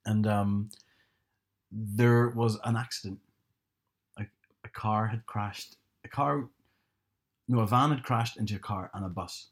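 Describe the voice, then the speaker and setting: A man's voice: on the low side, fairly even intonation, measured pace, pauses often. A man chatting casually, telling rambling stories and correcting himself as he goes. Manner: rambling, self-correcting anecdotes. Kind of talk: casual chat.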